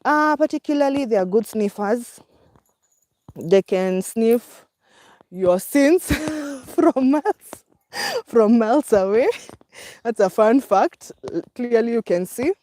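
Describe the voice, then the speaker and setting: A woman's voice: a little high, animated, takes it slowly, pauses often, dark tone, no echo. A woman with a Kenyan English accent talking casually while out walking her dog, out of breath, chatty and laughing now and then. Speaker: vlogger. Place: outdoors on a walk, hills and woods.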